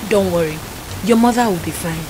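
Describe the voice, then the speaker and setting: A woman's voice: on the low side, fairly quick, noisy background, lightly acted. An actress playing a kind young shopkeeper who soothes her worried boyfriend. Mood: soothing. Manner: soothing, reassuring. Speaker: shop owner. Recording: background film music.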